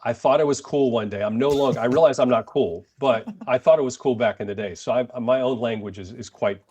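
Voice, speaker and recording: Cheerful American co-host, easygoing mid-pitched voice, joking casually. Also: male voice, a little fast, darkish tone, slightly rough. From United States. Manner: upbeat, jokey, laughs often. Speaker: podcast co-host and radio presenter. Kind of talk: casual chat.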